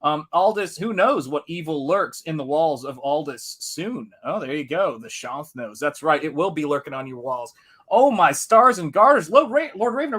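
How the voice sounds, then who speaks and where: A man's voice: on the high side, animated, normal speed, fairly bright tone. A man hosting a live art stream in a casual, upbeat way, greeting chat viewers one by one. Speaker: livestream host.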